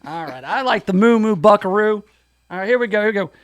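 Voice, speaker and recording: A man's voice: high-pitched, expressive, fast, smooth, no echo. A man hosting an afternoon radio show, joking around in studio banter and slipping into hammy country DJ voices. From Memphis area. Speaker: radio host. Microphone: studio mic.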